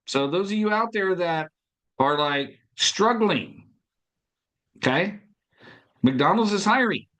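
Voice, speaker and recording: Emphatic male sales coach, slightly high voice. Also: expressive, slow, a bit bright. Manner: emphatic, repeats points, acts out past conversations. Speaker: podcast host and business coach. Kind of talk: motivational talk on sales.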